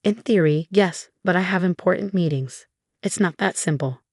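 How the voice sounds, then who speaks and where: A woman's voice: fairly low pitch, normal speed, darkish tone, no room sound, studio quality. A woman reading as a cold, controlling husband. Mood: cold, demanding.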